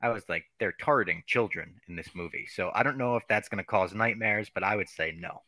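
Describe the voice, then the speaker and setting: Low, bright-voiced man recapping a movie. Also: a little fast, dry recording. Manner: chatty recapping, casual swearing. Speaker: podcast host. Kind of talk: casual chat and movie recap.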